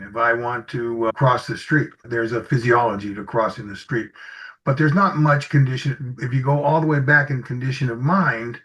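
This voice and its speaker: An executive coach being interviewed talks in a medium-pitched, slightly bright voice. He relates anecdotes in a relaxed manner and acts out bits of dialogue; the audio sounds a little muffled.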